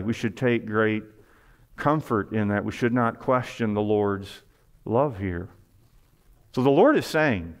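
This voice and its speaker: A man preaching a sermon in church, earnest, with rising and falling emphasis and rhetorical questions to the congregation. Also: medium pitch. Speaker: pastor. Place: church sanctuary.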